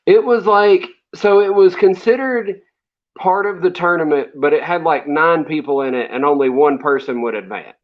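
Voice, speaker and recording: A man's voice: a little high, normal speed. A man telling stories as an interview guest in casual chat, laid-back and rambling with fillers and small laughs. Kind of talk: casual storytelling. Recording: dull lo-fi sound.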